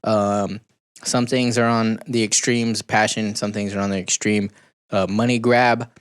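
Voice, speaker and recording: A man's voice: lowish voice, flat delivery, unhurried, smooth. A man co-hosting a podcast in casual chat, rambling and joking at his own expense. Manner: rambling, joking, self-deprecating. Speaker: podcast co-host.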